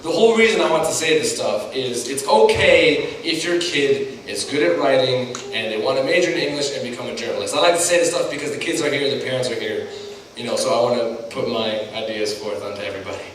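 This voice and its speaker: A young man doing a stand-up comedy set, chatty and animated, talking straight to the crowd. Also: medium pitch, fast, a little hiss or hum. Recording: echoey hall from a distant mic.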